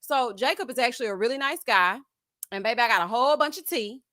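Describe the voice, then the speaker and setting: Sassy, animated woman live-streaming TV gossip. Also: on the high side, quick pace, no echo, clean studio sound. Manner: sassy, animated, calls viewers honey and child; laughs often, greets chat viewers. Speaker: TV recap show host.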